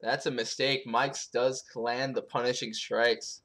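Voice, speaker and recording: A man co-casting a live game stream in a relaxed, ribbing way. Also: mid-range voice, measured pace. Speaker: esports co-caster.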